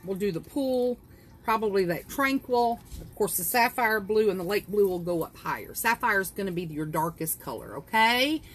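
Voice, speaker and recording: A woman's voice: mid-range voice, lively intonation, moderate pace, slight background noise. A middle-aged woman from South Carolina with a Southern accent, hosting a casual craft livestream in her home kitchen, folksy and chatty. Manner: chatty, folksy, greets viewers by name, laughs at herself.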